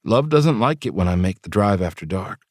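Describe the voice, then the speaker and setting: A man's voice: sits low, very animated, moderate pace, no room sound, studio quality. A man voicing an earnest, modest eighteen-year-old male student in an audiobook.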